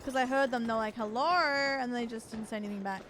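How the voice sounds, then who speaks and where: A woman's voice: fairly high pitch, fairly quick, fairly bright tone. A woman streamer chatting casually and jumpily with her viewers while she plays a game. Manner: chatty, jumpy, talks to chat while playing. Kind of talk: casual live-stream chat while gaming. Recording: noisy game stream audio.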